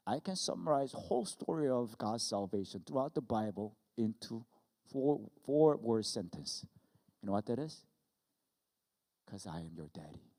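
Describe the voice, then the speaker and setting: A middle-aged man preaching a sermon, who tells stories with animation and acts out scenes loudly. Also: fairly low pitch, big-room sound. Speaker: pastor. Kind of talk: sermon with personal story.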